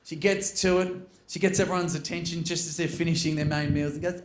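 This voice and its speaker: A man with an Australian accent doing stand-up, telling a story in an animated way with bursts of loud put-on voices. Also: on the high side, brisk, hardly any pauses. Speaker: stand-up comedian. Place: comedy stage. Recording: roomy venue with faint noise.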